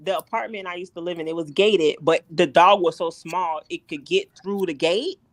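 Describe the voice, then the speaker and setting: A woman's voice: lowish voice, normal speed, no room sound. Woman in her 30s on a podcast, swears and tells stories all worked up, dry close sound. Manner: storytelling, animated and exasperated. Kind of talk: casual chat.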